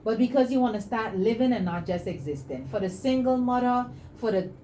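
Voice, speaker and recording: A woman, a guest in an interview, telling stories and making her pitch with preachy passion. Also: expressive, fairly quick, dark tone, slight background noise, low-quality recording. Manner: passionate, preachy, acts out dialogue. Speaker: entrepreneur guest.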